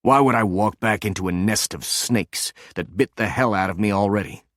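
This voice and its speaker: A weary, stubborn man broods in a low, dry voice. A male narrator plays him close to his own register in an intimate audiobook read. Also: moderate pace, fairly bright tone, no room sound, close to an everyday voice.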